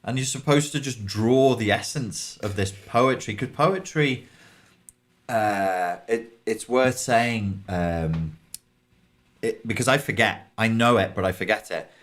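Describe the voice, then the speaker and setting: Bloke, middle-aged, low-ish voice, sweary casual chat, does mocking voices. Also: male voice, a little slow, fairly bright tone. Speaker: podcast co-host.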